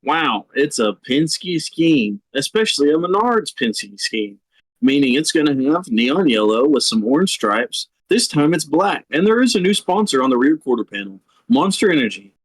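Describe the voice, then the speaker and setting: A man's voice: fairly high pitch, sing-song, moderate pace, husky, no room sound, rough recording. A man co-hosting a podcast in casual chat, playful with dry jokes. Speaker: podcast co-host. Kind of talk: casual chat reviewing race car paint schemes.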